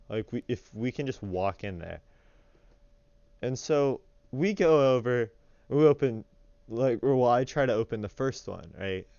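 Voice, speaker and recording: Young male storyteller, rambling and animated, smooth voice, dry dull lo-fi sound. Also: on the low side, dry recording. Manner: rambling, filler-heavy, animated retelling. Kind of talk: casual storytelling voice-over.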